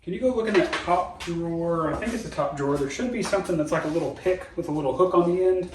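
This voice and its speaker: A folksy, joking man talks through a car repair step by step, his voice a touch higher than most. He's some distance from the mic in an echoey home garage. Clear background noise sits under his voice. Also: quick pace. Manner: folksy, jokey, explains each step aloud. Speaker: DIY car repair host. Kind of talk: casual how-to narration while working.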